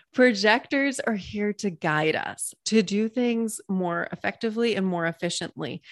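A woman's voice: mid-range voice, a bit bright, dry recording, studio quality. Enthusiastic woman coach explaining ideas. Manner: enthusiastic, vivid storytelling. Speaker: Human Design coach, guest. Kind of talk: explanatory interview talk.

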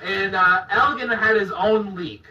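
Man, high voice, animated storyteller, roomy room, dull distant podcast sound. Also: normal speed, a crowd in the background. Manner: laughing, animated storyteller who acts out quotes. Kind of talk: casual storytelling.

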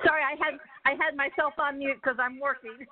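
A woman's voice: high-pitched, fairly even intonation, fairly quick, dry recording. A woman caller to a podcast, shy and giggly. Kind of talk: casual chat. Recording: tinny phone line, dry.

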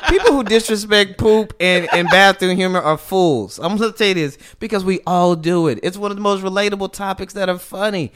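Male comedy podcast co-host: high and bright, animated, laughs through his stories. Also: a little fast, hardly any pauses. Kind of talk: comedic sports talk chat. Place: live recording event.

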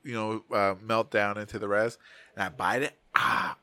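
A man's voice: lowish voice, flat delivery, normal speed, bright, forceful tone, no echo. A middle-aged man, co-hosting a podcast and telling rambling, profane stories in casual chat. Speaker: podcast co-host.

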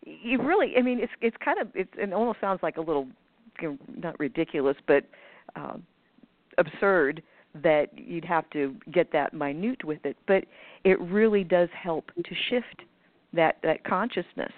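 A woman's voice: fairly low pitch, lively intonation, normal speed. Woman rambling over a tinny phone. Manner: rambling, with many fillers and restarts; acts out others' voices in quoted asides. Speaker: guest speaker on manifestation. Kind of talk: conversational explanation over a call. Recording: tinny phone line, dry.

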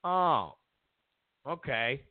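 Sarcastic talk host on a tinny line. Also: male voice, mid-range voice, sing-song, extremely slow, no echo. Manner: sarcastic, mocks media with exaggerated quotes; repeats himself for emphasis. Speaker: political talk show host. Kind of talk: opinionated political commentary. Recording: tinny phone-like, dry sound.

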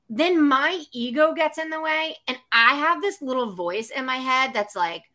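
A woman's voice: sits high, animated, normal speed, hardly any pauses, sharp tone. A woman who works as a psychic medium, talking casually, full of fillers and acting out the voices of the people she quotes. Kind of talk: casual chat.

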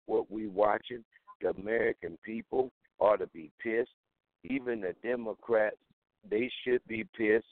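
A man's voice: on the low side, no room sound. A man calling into a talk radio show and ranting in a heated, indignant, blunt way. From Houston, Texas. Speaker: caller. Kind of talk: call-in talk radio rant. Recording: tinny phone line.

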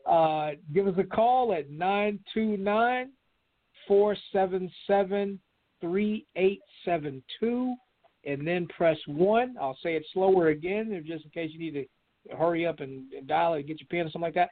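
A man hosting a call-in show in an easygoing way, heard over a phone line. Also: high-pitched. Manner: easygoing, repeats phone numbers slowly. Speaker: show host.

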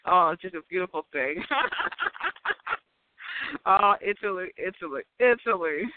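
A man rambling through a casual monologue, giggling often and breaking into high laughs. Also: unhurried, very noisy. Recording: tinny phone-like sound.

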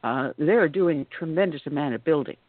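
A woman's voice: sits low, fast talker, no echo. A woman hosting a political talk radio show, speaking emphatically. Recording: phone-line quality.

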